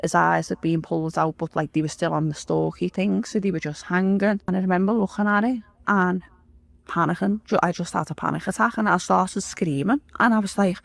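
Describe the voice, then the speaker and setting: A woman tells her story bluntly, swearing freely and rambling along. Her voice has a gravelly edge, and the recording is dry and close. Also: lowish voice, fairly even intonation, brisk, no echo. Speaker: interview guest. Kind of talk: dramatic personal storytelling.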